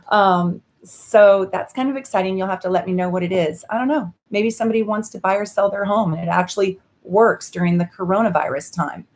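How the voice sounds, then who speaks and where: A woman's voice: medium pitch, a little fast, darkish tone. Bubbly, effusive woman astrologer. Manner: bubbly and effusive, with laughs and "um" fillers. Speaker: astrologer and tarot reader hosting a live stream. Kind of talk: casual live-stream chat with card readings.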